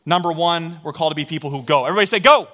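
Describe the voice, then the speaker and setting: A middle-aged male pastor preaching with a bright, forward voice that sits a bit high. He tells stories animatedly and draws the congregation in to respond. He sounds lively and engaging. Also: racing. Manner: storytelling, animated, drawing in the congregation. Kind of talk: sermon.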